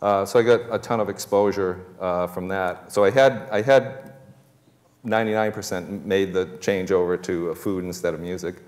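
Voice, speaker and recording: Deep-voiced Boston chef on a stage. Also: male voice, fairly even intonation, normal speed, a little mellow, in a large hall. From Boston area. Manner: rambling, many fillers and restarts, chuckles between thoughts. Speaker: chef and restaurateur, panel guest. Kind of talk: casual storytelling on a panel.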